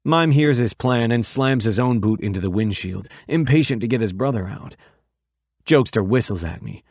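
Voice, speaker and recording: A man in the mid-range narrates an audiobook, keeping his delivery even and measured. There's no room sound, just clean studio audio.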